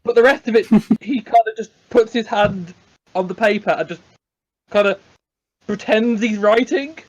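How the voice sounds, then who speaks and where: A man's voice: sits high, moderate pace, lo-fi sound. A man playing a tabletop game, playfully describing his character's actions. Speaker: player. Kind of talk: casual tabletop play.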